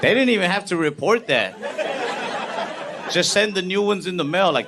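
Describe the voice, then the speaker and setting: A man's voice: high-pitched, lively intonation, normal speed, crowd noise, background noise. A man doing stand-up in a club, telling a laid-back story. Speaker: stand-up comedian. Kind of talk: stand-up routine.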